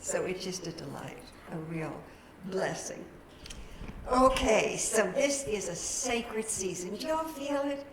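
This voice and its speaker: A woman's voice: medium pitch, expressive, slow pace. Folksy woman minister. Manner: chatty, folksy, laughing at her own slips. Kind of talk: sermon. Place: church sanctuary. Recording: roomy church hall with background noise.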